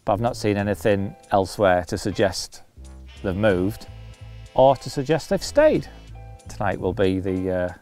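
A man's voice: fairly low pitch, animated, measured pace, darkish tone, faint music behind. A man hosting a fishing vlog outdoors by a lake, chatting easily as he explains his tactics. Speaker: angler and show host. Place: outdoors at a lakeside swim.

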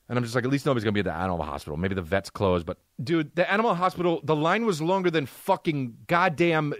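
A man's voice: a little high, no room sound, clean studio sound. A man in his thirties, a comedian and podcast host, telling a rambling, profane comic story.

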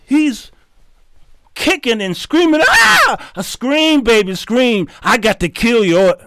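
A middle-aged man, hosting his show and telling a story in an animated, preachy way with sudden shouts. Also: sits high, a little slow, no room sound, studio quality. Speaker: show host. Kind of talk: storytelling commentary.

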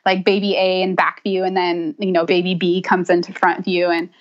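A woman's voice: on the low side, flat delivery, moderate pace, dull audio. A young woman telling her birth story as a podcast guest, chatty and laughing often. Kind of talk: casual interview storytelling.

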